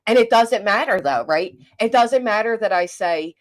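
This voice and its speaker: A woman's voice: mid-range voice, expressive, normal speed. A woman hosting a commentary livestream, venting in an exasperated, rambling way with frequent restarts and reading chat aloud. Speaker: commentary channel host.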